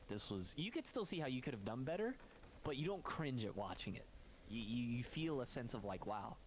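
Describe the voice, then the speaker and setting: A man's voice: medium pitch, slight background noise, rough recording. Laid-back young man, rambling casual chat. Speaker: YouTuber co-host.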